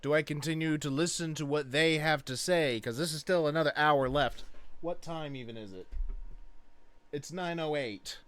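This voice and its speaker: A man's voice: on the high side, moderate pace, fairly bright tone. A man talking casually as host of a reaction video, laughing along and thinking aloud.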